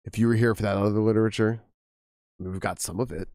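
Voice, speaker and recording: A man voicing a tall, serious male literature professor in a deep, solemn lecturing tone, while a little hoarse from losing his voice. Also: fairly even intonation, fast, a little mellow, dry recording, studio quality, natural voice.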